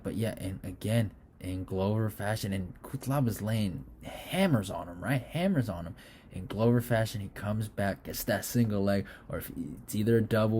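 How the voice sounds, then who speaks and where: A man giving a casual, excitable fight breakdown, swearing freely and throwing in animated asides. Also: lowish voice, a little hiss or hum. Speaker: fight analyst.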